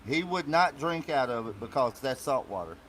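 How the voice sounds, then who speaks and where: A man who coaches kids, chiming in with quick wisecracks in a casual chat. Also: mid-range voice, expressive, fairly bright tone, slight background noise, low-quality recording. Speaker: youth coach.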